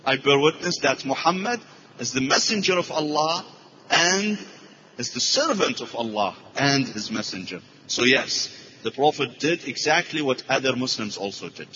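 A man's voice: on the high side, measured pace, pushed and bright, big-room sound, highs cut off, slight background noise. Earnest man giving a religious lecture. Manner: earnest storytelling, with Arabic phrases.

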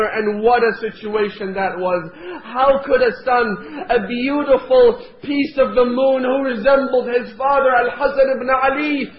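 A man with a strikingly high voice delivers a narrative sermon, impassioned and pleading, pushing toward near-shouts. The recording is dull and lo-fi. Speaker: preacher.

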